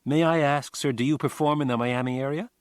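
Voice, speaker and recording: A brisk young woman who once worked as a stage magician's assistant, voiced by a man reading an audiobook. She sounds clearly higher than his own reading voice and talks quick and businesslike. The recording is dry and close, with no room sound. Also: steady tone, no echo, close to an everyday voice.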